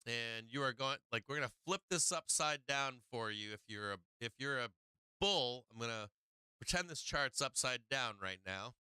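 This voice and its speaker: A man's voice: mid-range voice, normal speed, smooth, no echo. A middle-aged man hosting a live stock market stream, chatting casually with viewers and swearing freely. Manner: excitable, swears freely, talks to chat. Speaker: stock market livestream host. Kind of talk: casual live trading commentary.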